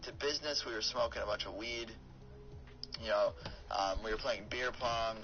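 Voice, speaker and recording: A man's voice: lowish voice, normal speed, bright, forceful tone, soft background music. A young man telling a personal story with lots of fillers and restarts, as a YouTuber over gameplay commentary. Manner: rambling, with many fillers and restarts. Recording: dull lo-fi mic with clear background noise.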